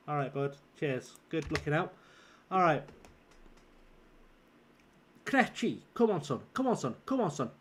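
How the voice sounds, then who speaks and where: A slightly high-voiced man with a northern English accent, worn out and a bit scratchy from a sore throat. He rambles through live gameplay commentary, swears freely and teases his chat. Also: very animated, measured pace, long pauses, fairly bright tone. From southern England. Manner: chatty, swearing, teasing viewers. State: tired with a sore throat forming. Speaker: streamer.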